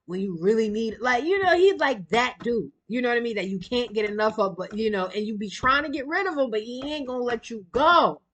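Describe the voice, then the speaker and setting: A woman's voice: a little high, expressive, a bit bright. A woman giving a casual spiritual card reading, chatty and rambling, and a little out of breath. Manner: chatty, rambling, quick bursts of laughter. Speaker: tarot card reader.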